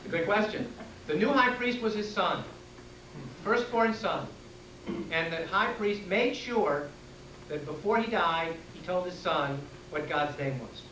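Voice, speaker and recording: A man's voice: high-pitched, measured pace, sharp tone. A man lectures to a class and answers its questions plainly and directly. He is taped from a distance in an echoey room, with a faint hiss behind him.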